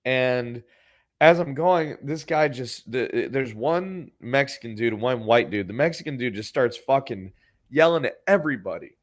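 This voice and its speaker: A man's voice: medium pitch, animated, normal speed. A man hosting a podcast, telling a story in a casual, sardonic and profane way. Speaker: podcast host.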